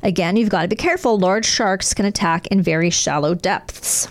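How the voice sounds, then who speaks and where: A woman's voice: medium pitch, normal speed. A woman co-hosting a casual podcast, reading and telling a story with jokes along the way. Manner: jokey, animated storyteller. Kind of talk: casual chat.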